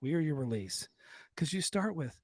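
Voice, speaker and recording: A man's voice: fairly high pitch, very animated, moderate pace, darkish tone, no echo. A man co-hosting a comedy podcast, rambling with crude jokes and lots of fillers. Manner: vulgar, joking, rambling with fillers. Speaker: podcast co-host.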